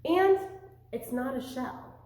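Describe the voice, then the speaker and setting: Female teacher, young-kids lesson; slow, animated delivery with lively pitch, recorded in a very echoey room. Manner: sing-song, animated, questioning. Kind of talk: online lesson for young children.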